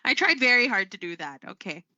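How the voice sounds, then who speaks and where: A woman teaching an English lesson on a live stream. She speaks slowly and expressively, laughing often. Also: medium pitch, no room sound. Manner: slow, expressive delivery with frequent laughs. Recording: slightly muffled stream audio.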